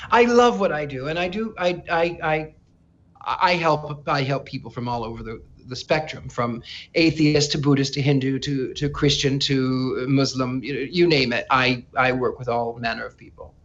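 A man as a psychic guest in an interview, telling stories in an animated, chatty way with frequent stammered restarts. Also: mid-range voice, moderate pace, muffled recording. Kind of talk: casual interview storytelling.

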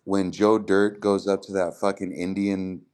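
A man hosting a podcast, telling a long profane story in casual, animated chat. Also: deep voice, unhurried, clean tone. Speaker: podcast host.

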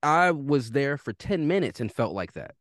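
A young man co-hosting a casual podcast, swinging between loud outbursts and low reflective talk. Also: sing-song, moderate pace, dry recording, studio quality. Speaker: podcast co-host.

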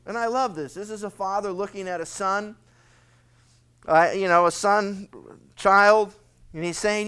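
A man preaching through a Bible passage with a high, clear and smooth voice. He talks conversationally and gets animated, slipping into a pleading father's tone for quotes. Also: measured pace, pauses often. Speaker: pastor. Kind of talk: sermon, Bible study.

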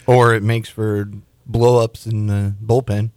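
A man's voice: lowish voice, little pitch movement, a little slow, a little mellow, clean tone, no echo, clean studio sound. A man hosting a podcast, mostly chiming in with brief agreements and quips during casual chat.

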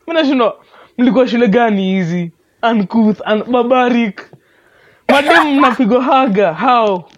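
A podcast co-host with a Kenyan accent, joking and emphatic in casual chat. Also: medium pitch. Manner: joking, emphatic, quick switches into Sheng.

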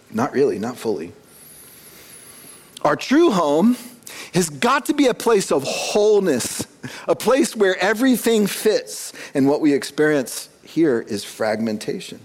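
A man's voice: fairly high pitch, a little mellow. A man in his forties, a pastor, preaching a conversational sermon to a church congregation, telling stories with self-deprecating chuckles and often repeating words as he starts a phrase. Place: church sanctuary.

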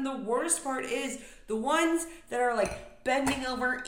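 On her podcast, a young adult woman rants comedically alone, full of exasperated complaints and profanity. She speaks slightly high at a measured pace with hardly any pauses, recorded on a podcast mic in an echoey room.

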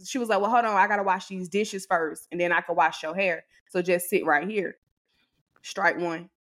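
A woman co-hosting a podcast, telling an animated, exasperated story and acting out what others said. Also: on the low side, moderate pace. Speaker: podcast co-host. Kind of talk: casual storytelling to a co-host.

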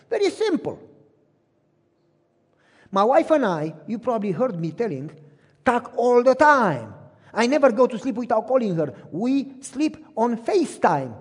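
Animated pastor preaching in a reverberant hall. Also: male voice, high-pitched, breathy edge. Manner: animated storytelling, acts out both sides of phone calls. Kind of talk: sermon with personal stories.

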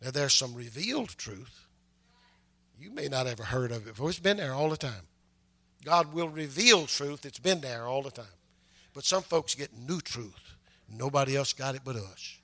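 An older man preaching a sermon, conversational and punctuated with amens, building to loud, emphatic passages. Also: medium pitch, lively intonation, moderate pace, creaky. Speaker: pastor.

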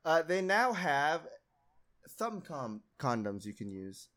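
A man's voice: fairly high pitch, sing-song, slow pace, fairly bright tone. A young man hosting a casual podcast, rambling in a laid-back way and laughing often. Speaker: podcast host.

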